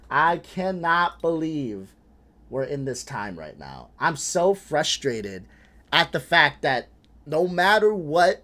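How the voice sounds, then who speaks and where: A man hosting a reaction video, talking in a frustrated, animated way, swearing and laughing between points. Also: on the high side. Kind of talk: casual reaction commentary.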